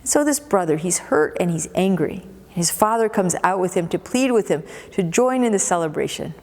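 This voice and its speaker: A fairly low, slightly mellow female voice fills a church sanctuary as a pastor preaches, narrating expressively and repeating words for emphasis. Her pace is moderate, and the recording carries a long church reverb.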